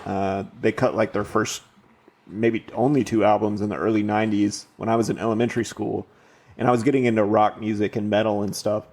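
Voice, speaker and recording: A man's voice: on the low side, level tone, a little fast, darkish tone. A man in his forties co-hosting a podcast, chatting in a laid-back, rambling way. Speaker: podcast co-host. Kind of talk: casual chat.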